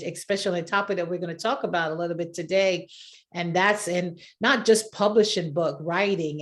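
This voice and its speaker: This is a woman hosting a podcast in a relaxed interview style. She talks effusively and encourages her guest. She laughs often between remarks. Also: on the low side. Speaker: podcast host. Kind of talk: casual interview chat.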